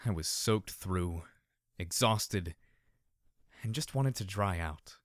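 A man narrating a story in a measured, expressive manner. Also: deep voice, dry recording, studio quality.

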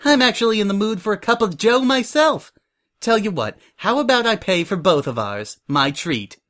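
A man's voice: a little high, lively intonation, moderate pace, pushed and bright. A man voicing a scheming, two-faced female pony designer who talks sweetly to her boss and bosses her intern around. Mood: gushing sweet. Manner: sugary in front, snapping and bossy in private.

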